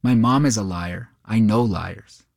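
A man voicing a blunt, sharp-eyed poor young boy who asks pointed questions. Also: on the low side, a little slow, gravelly, no echo, clean studio sound.

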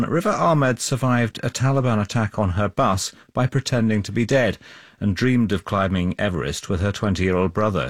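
A man reading news in a smooth, formal presenter style. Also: on the low side, dry recording, clean studio sound.

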